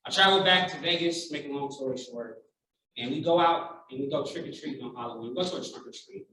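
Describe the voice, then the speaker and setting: Bright-voiced man telling a heartfelt story in an echoey hall. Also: medium pitch, fast talker, distant mic, slight background noise. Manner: heartfelt, animated storytelling with acted-out quotes. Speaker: keynote speaker. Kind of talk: personal storytelling keynote speech. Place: large conference room.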